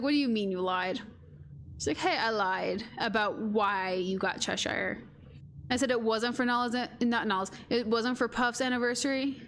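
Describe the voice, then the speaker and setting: A woman with a slightly high voice rambles through a personal story at her streaming desk, quoting her sister along the way. A faint hum sits under the recording. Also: moderate pace, fairly bright tone. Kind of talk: casual storytelling while gaming.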